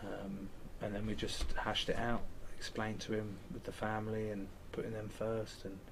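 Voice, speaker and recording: A man's voice: lowish voice, monotone, moderate pace, vocal fry, a little hiss or hum. A man, candidly retelling events in an interview and acting out quoted lines, with some casual swearing.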